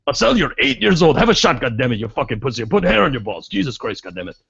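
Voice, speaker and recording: A man putting on the voice of a foul-mouthed, angry middle-aged football fan who yells and curses at the TV. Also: medium pitch, sing-song, fairly quick, vocal fry, breathy edge, dull audio, heavily acted. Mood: ranting. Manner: shouting, cursing at the TV.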